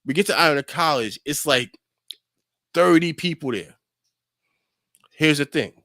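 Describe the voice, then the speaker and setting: Animated storytelling man, dry close sound. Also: a little high, unhurried, no room sound. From New Rochelle, New York. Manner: animated, acts out quoted voices, many fillers like "like". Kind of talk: casual chat, storytelling.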